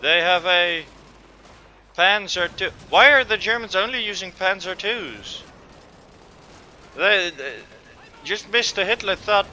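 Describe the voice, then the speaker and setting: A man's voice: sits high, animated, slow, long pauses, pushed and bright, slight background noise. A man commentating on his own gameplay, frustrated and swearing constantly. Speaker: gamer. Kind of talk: let's play commentary.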